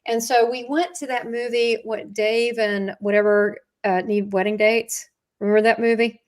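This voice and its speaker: A woman's voice: a little high, fairly even intonation, moderate pace. Chatty woman telling stories. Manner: chatty storyteller with frequent fillers and restarts. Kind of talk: casual conversation.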